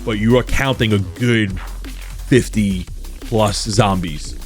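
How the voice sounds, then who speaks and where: A man's voice: lowish voice, slow pace, faint music behind. A man running a tabletop role-playing game as dungeon master, narrating scenes vividly.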